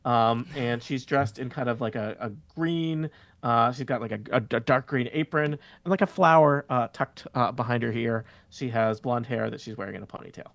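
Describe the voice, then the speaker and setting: A man's voice: medium pitch, moderate pace, gravelly, no room sound. A man narrating as dungeon master of a tabletop game, rambling with many filler words.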